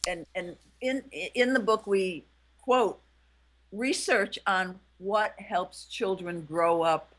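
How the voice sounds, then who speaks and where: A woman relationship expert and author, explaining in a calm, measured, gently instructive way. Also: mid-range voice. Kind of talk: explaining in conversation.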